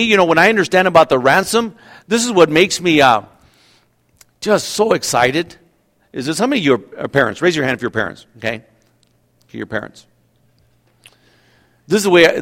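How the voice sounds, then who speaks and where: Pastor preaching in a chatty, fairly high voice. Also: male voice, a bit bright. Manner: conversational preaching with repeated restarts and questions to the congregation. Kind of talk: sermon.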